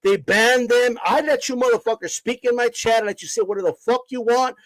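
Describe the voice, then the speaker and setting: His pitch extremely high and his pace brisk, a boxing streamer with a slightly bright voice curses and mocks his chat in a combative live-stream rant. There is no echo, and the audio is rough.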